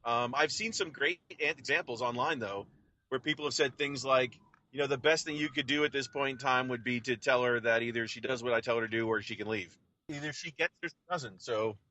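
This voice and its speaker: A man co-hosting a podcast from home, telling animated stories in casual chat with small stumbles. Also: medium pitch, brisk, poor audio. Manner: animated, repetitive storyteller. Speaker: podcast co-host. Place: home office.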